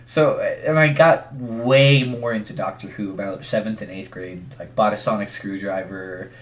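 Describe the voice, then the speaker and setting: A young man co-hosting a podcast, chatting casually and rambling with many halting restarts. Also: fairly low pitch, distant mic, a little hiss or hum. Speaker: podcast co-host. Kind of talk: casual chat.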